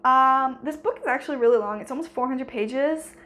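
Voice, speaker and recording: A woman's voice: sits high, fairly quick, a bit bright, faint music behind. A seventeen-year-old girl chatting casually in a reading vlog, rambling with lots of fillers and restarts. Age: teens. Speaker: book vlogger.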